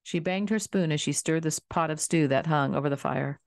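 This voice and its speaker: A woman narrating a children's novel in a calm, steady storybook reading. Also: sits low, moderate pace, creaky, dry recording, studio quality. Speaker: audiobook reader.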